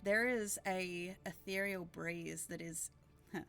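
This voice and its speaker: Give me a woman game master narrating a tabletop game at a slow, deliberate pace over background music. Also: fairly low pitch, steady tone, gravelly, fairly bright tone. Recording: music bed under the talk.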